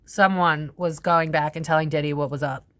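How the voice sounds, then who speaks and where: Tarot-reading woman, lowish voice, loose and profane, laughs a lot. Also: steady tone, moderate pace, a bit bright. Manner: profane, rambling, laughs often. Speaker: psychic tarot reader. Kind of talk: casual tarot reading monologue.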